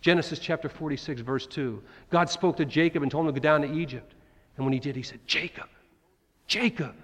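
A man's voice: a little high, quick pace, fairly bright tone. A man preaching a sermon, dramatically acting out the cries of Bible figures. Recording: long hall reverb.

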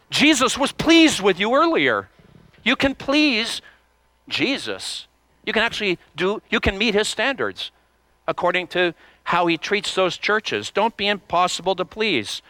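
A man's voice: on the high side, sharp tone, smooth, no room sound. A man preaching an earnest sermon, rising in emphasis on key points and calling on the congregation to repeat lines after him.

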